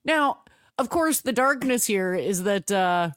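A woman from the United States co-hosting a podcast in casual chat, animated and full of restarts. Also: medium pitch, takes it slowly, a little hiss or hum. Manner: chatty, animated, with restarts and laughs. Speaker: podcast co-host.

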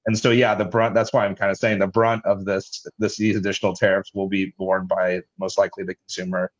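A man's voice: low voice, flat delivery, a little fast, highs cut off. A man, head of a logistics company, explaining things in a businesslike way as an interview guest. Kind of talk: interview answers.

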